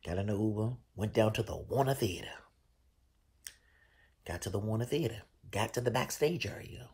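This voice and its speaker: A man hosting a show, telling a story casually in a profane, animated way. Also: moderate pace, slightly rough. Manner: animated, profane storytelling with loud, high bursts. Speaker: show host.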